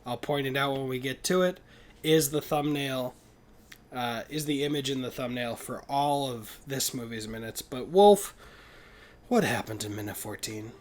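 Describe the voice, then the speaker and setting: Upbeat man co-hosting a film podcast. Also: medium pitch. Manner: upbeat, quick asides, quotes movie lines. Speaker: podcast co-host. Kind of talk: casual film podcast chat. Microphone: video call.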